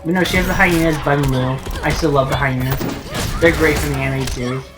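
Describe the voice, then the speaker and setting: A woman's voice: low voice, fairly even intonation, fast talker. A woman giving casual, chatty and opinionated commentary while playing a game. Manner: chatty, opinionated, many fillers. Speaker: gameplay commentator. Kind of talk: casual let's-play commentary. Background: game music.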